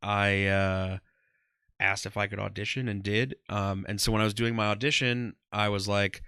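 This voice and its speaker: Rambling man with a bright, crisp voice. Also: on the low side, level tone, normal speed, no echo, clean studio sound. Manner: rambling, heavy on "um" and "like". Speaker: guest, comedian and former ring announcer. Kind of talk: casual interview chat.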